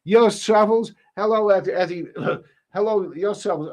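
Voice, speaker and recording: Speaking at a measured pace, this streamer has a high-sitting yet darkish voice. He reads viewers' comments during a casual live chat, rambling and often stumbling or repeating words.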